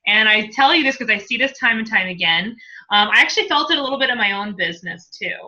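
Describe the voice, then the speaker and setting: Effusive, bright-voiced woman host. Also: on the high side, expressive, highs cut off. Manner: effusive and encouraging, quick to gush. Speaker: host interviewing a new coach. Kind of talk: casual interview.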